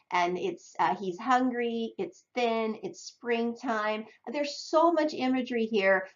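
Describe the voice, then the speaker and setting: A woman who teaches reading, explaining step by step to parents and often checking in with "okay". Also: medium pitch. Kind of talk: instructional talk to parents. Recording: dull lo-fi sound.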